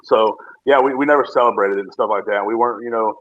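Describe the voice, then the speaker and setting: Casting note: a brash podcast host, quick profane rants, sounds like a phone call. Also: male voice, fairly low pitch, slight background noise. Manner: profane, joking, rambling rant. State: drinking bourbon while talking. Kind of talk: casual ranting monologue. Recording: tinny phone-app audio.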